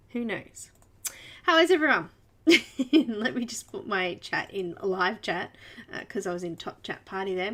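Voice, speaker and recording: Australian woman, livestream host, casual chat, fairly high voice, unhurried pace. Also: fairly bright tone. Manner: chatty, greets viewers by name, chats to her cat.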